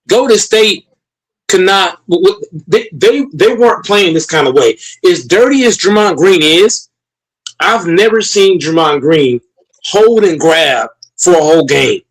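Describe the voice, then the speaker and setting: High-voiced ranting man streamer. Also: poor audio. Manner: profane, repeats himself, talks straight to chat. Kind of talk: heated livestream rant.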